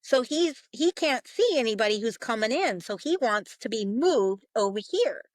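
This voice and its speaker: A woman's voice: a little high, expressive, normal speed, no room sound. A woman, a psychic medium guest, telling a story in an interview, acting out the voices she quotes and laughing often.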